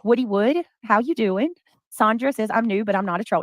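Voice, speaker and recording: A woman's voice: on the high side, fairly quick, no echo, studio quality. A woman hosting a casual livestream, greeting chatters by name. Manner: greets chatters by name, breaks into bits of song. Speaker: livestream host.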